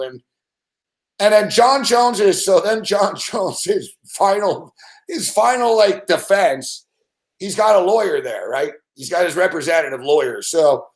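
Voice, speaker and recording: A man's voice: high-pitched, expressive, moderate pace, reverberant. A man hosting a sports betting show, ranting in casual commentary and retelling a story with profanity and mocking quoted voices.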